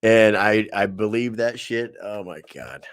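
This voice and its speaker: A man's voice: fairly low pitch, expressive, unhurried, fairly bright tone, no echo, studio quality. A man co-hosting a podcast, chatting loosely with profane banter. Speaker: podcast co-host. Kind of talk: casual podcast chat.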